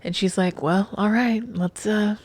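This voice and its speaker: A woman's voice: mid-range voice, measured pace. A woman co-hosting a podcast, telling a work story in casual chat, swearing freely and acting out the people she quotes. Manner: profane, animated, acts out quoted voices. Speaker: podcast co-host.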